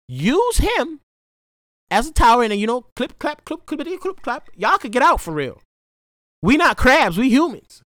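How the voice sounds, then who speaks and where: Lively high-voiced young man ranting. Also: normal speed, no room sound, clean studio sound. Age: young adult. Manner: animated, profane, slang-heavy, rambling. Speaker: vlogger. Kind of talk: casual monologue rant.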